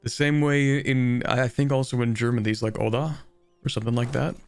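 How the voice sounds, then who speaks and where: A man with a gravelly, creaky voice chats casually on a live stream while he plays. He rambles and thinks aloud, full of fillers and small laughs. Faint game music sits underneath. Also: medium pitch, fairly even intonation, a little fast.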